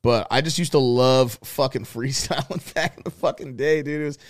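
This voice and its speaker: A man's voice: mid-range voice, moderate pace. Swearing, storytelling man on a podcast. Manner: animated storyteller, swears freely, acts out friends' lines. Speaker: podcast co-host. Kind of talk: casual chat.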